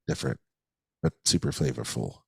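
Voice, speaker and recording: A man's voice: rumbling low, expressive, a little fast, creaky, dark tone, slightly rough, dry recording. A man co-hosting a casual podcast, enthusiastic and playful, with frequent fillers. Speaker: podcast co-host.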